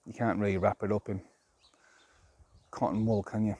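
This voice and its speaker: A man's voice: on the low side, flat delivery, normal speed, mellow, slightly rough. A man talking to camera outdoors in a rambling, plain-spoken, exasperated monologue of his opinions. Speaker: vlogger.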